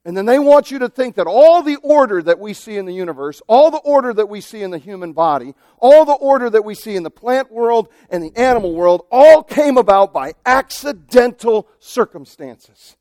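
A male pastor preaching a sermon, animated, acting out quoted voices and swinging from loud to hushed. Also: sits high, normal speed, few pauses, dry recording, studio quality.

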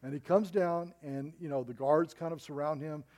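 A man's voice: on the high side, steady tone, moderate pace, darkish tone. A middle-aged man preaching a sermon as pastor, telling a story with emphatic rises and drops.

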